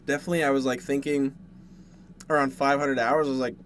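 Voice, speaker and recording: A young man from Canada streaming from a dark bedroom, chatting casually with viewers in a rambling way while working through a plate of food. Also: mid-range voice, steady tone, quick pace, slight background noise.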